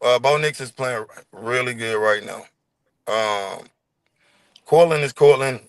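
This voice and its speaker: A man's voice: mid-range voice, slow, no echo. A man co-hosting a casual sports chat, blunt and profane, often laughing. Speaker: co-host.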